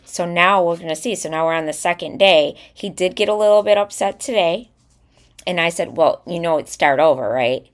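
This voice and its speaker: A woman's voice: lowish voice, moderate pace. A woman in her thirties co-hosting a casual podcast chat, telling stories about her kids and acting out their words. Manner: animated storytelling, acting out her son's lines. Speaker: podcast co-host.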